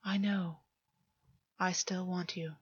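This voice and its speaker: Woman doing a taunting fae man, soft and crooning, dull dry audio. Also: mid-range voice, normal speed, breathy edge, dry recording, close to an everyday voice. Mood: intimate whisper.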